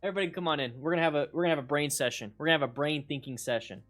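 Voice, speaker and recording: Casting: hyped-up male instructor-host, chatty, repeats lines, a bit high-pitched, faint music behind. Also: rapid-fire. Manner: excitable, rambling, repeats himself, bursts of hype. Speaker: motorcycle riding instructor and channel host. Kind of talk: excited livestream chat with viewers.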